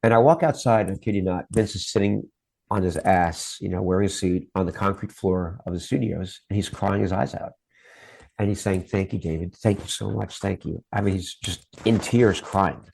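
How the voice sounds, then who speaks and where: Middle-aged man, interview guest, very low voice, husky and gravelly, rambling anecdotes. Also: normal speed, darkish tone. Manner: long anecdotes, acts out quoted voices. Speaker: interview guest, TV promo producer. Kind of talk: casual interview storytelling.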